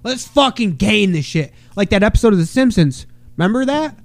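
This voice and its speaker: High-voiced profane man rambling on a podcast. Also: expressive, a little fast, vocal fry, no room sound. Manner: rambling, profane, loud bursts when quoting people. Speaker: podcast host. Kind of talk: crude comedic podcast banter.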